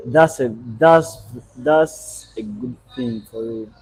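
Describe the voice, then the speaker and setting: A young man from Uganda, hosting a live stream and chatting in a relaxed, rambling way as he answers viewers. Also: mid-range voice, slow pace, slightly rough, low-quality recording. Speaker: livestream host. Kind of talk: casual live stream chat.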